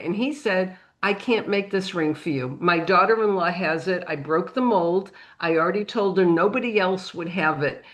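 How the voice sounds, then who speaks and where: A middle-aged woman with a New England accent, telling a lively anecdote on a panel and acting out the voices in it. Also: fairly low pitch, normal speed. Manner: animated anecdote with acted-out quotes. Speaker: panel guest. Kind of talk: storytelling on a panel.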